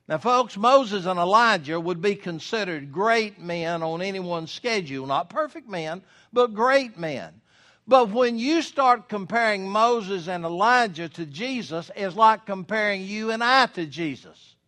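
A man preaching a sermon in an earnest, folksy way, rising to loud emphasis at key points. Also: high-pitched, animated, measured pace. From United States.

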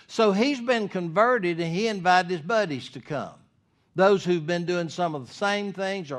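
Folksy preacher man. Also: on the high side. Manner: folksy preaching with quoted dialogue and rising emphasis. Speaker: pastor. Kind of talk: sermon.

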